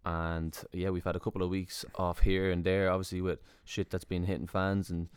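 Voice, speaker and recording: A young Irish man with a low, deep voice chats casually as a podcast co-host, laid-back and quick to swear and laugh. The sound is dry and close, with no room around it. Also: little pitch movement, smooth, dry recording. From Ireland. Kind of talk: casual chat.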